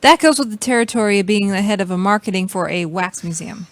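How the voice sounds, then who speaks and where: A woman voicing a desperate, defensive museum marketing woman in an improvised comedy audio play, talking fast and evasively. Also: mid-range voice, no room sound, natural voice. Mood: jittery.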